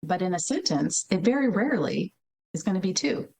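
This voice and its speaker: A woman interview guest who directs a learning center, explaining in lively casual talk, acting out children and checking in with tag questions. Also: lowish voice, fairly quick, creaky, breathy edge, poor audio. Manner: animated, acts out children's reading with voices; frequent tag questions, laughs while explaining.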